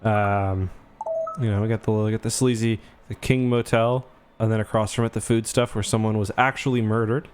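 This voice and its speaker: A man's voice: fairly low pitch, steady tone, normal speed, a little mellow, a little hiss or hum. A young man casually chatting while livestreaming a city-building game, rambling and thanking viewers as he goes. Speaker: streamer.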